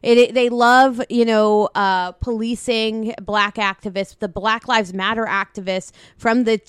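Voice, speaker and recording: A woman's voice: on the high side, fairly even intonation, measured pace, smooth, dry recording. A woman from Canada co-hosting a podcast, talking in impassioned casual political chat with many restarts and some swearing. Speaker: podcast co-host.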